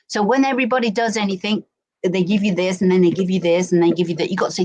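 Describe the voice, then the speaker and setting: A woman's voice: medium pitch, fairly quick, poor audio. Middle-aged woman, berkshire english accent, chatty storytelling on a stream, keeps saying do you know what i mean. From England. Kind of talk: casual chat. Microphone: desk mic.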